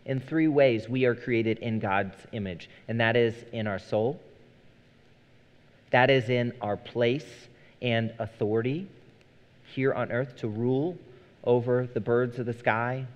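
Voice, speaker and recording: A pastor in his thirties preaches to his congregation, moving between easy, conversational family stories and earnest points of scripture. His mid-pitched voice carries a long reverb from the sanctuary around him. The recording itself is somewhat dull and muffled. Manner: conversational, animated storytelling. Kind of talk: sermon. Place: church sanctuary.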